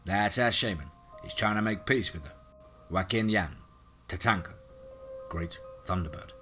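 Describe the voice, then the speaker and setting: A man voicing a male tracker who explains things in a steady, plain way. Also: low-pitched, moderate pace, faint music behind.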